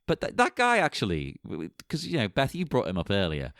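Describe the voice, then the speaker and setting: A man's voice: medium pitch, huge pitch swings, fairly quick, creaky, a bit bright, no echo, clean studio sound. A man co-hosting a podcast in casual chat, giving wry, opinionated comments. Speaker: podcast co-host.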